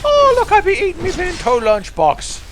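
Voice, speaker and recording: A man putting on an exaggerated Irish accent to play a boastful, chirpy young fellow with a high singsong lilt. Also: huge pitch swings, normal speed, noisy background, exaggerated voice.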